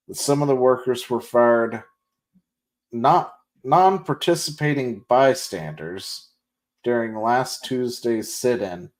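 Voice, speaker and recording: A podcast host reads the news aloud in a casual show, mocking it with sarcasm, laughter and swearing. His mid-range voice is expressive and unhurried.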